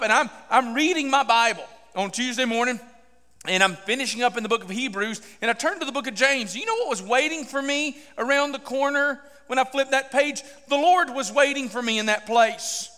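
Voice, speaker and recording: A man, a pastor preaching a sermon and telling a story animatedly, acting out dialogue with sudden loud bursts. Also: very high voice, moderate pace, clear, resonant tone, long reverb tail.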